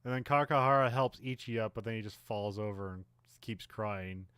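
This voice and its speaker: A man co-hosting a podcast, casually recapping a film plot with many fillers and quick acted-out character lines. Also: on the low side, a bit bright, clean tone, dry recording, clean studio sound. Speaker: podcast co-host. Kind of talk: casual movie recap chat.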